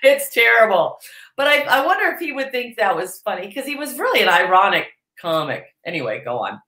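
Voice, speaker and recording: A woman's voice: medium pitch, sing-song, a little fast, bright, forceful tone, echoey room. A woman comedian talking in casual chat, blunt and swearing freely. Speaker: comedian guest.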